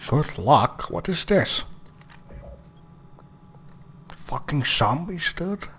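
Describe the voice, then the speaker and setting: A man's voice: on the high side, very animated, extremely slow, a bit bright, slight background noise. A man giving casual gameplay commentary, joking, swearing and thinking aloud. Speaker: gamer.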